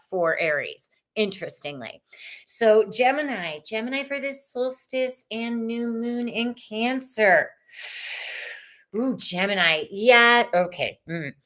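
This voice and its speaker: A woman hosting a livestreamed tarot reading, chatty and expressive, greeting viewers in the chat as she pulls cards. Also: mid-range voice. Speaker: tarot reader.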